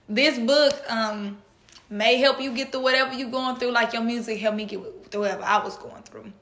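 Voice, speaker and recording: A young woman from Texas tells a story straight to camera in a casual, lively way, her voice bright and a little high. She acts out the people she quotes. The room around her is echoey. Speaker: vlog host and author.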